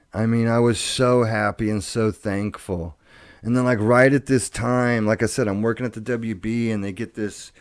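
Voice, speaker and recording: A middle-aged man telling his life story in casual talk, profane and rambling, with halting restarts. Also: mid-range voice, darkish tone, clean tone, dry recording, clean studio sound.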